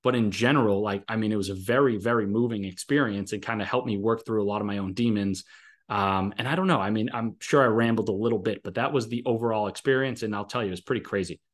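A man's voice: on the low side, fast talker. A man talking casually on a podcast, rambling with lots of fillers and restarts while he shares a personal experience.

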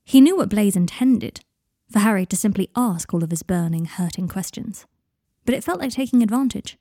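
Female narrator, gentle even storytelling, warm mellow tone, dry recording. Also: medium pitch, moderate pace, dry recording. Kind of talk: fan fiction audiobook reading.

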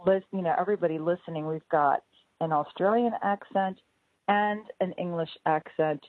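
A woman's voice: fairly low pitch, normal speed, dry recording. A woman hosting a casual interview over a call, gushing and laughing often. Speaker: podcast host. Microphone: call audio. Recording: tinny call line, dry.

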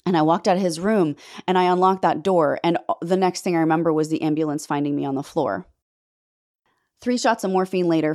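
This is a young woman sharing a personal faith testimony, speaking straight to her audience. She tells it dramatically and with intensity, her voice leaping high whenever she hits a key point, then dropping low and quiet. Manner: intense, dramatic storytelling with sudden pitch leaps when emphatic. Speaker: faith vlogger telling a personal story.

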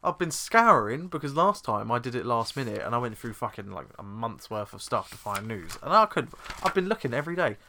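A man's voice: medium pitch, sing-song, a little fast, few pauses, bright, forceful tone. A man co-hosting a podcast in casual, sweary chat, rambling with restarts. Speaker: podcast co-host.

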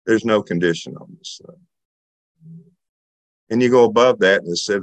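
Man, very deep voice, dry close sound, conversational share at a recovery meeting. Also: fairly even intonation, fairly quick, no room sound. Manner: conversational, joking, earnest. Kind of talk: personal share with a joke.

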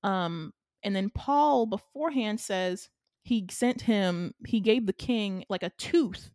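A woman co-hosting a casual chat, recapping a film in an animated, rambling way with lots of fillers. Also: medium pitch, takes it slowly, no echo, clean studio sound. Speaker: podcast co-host.

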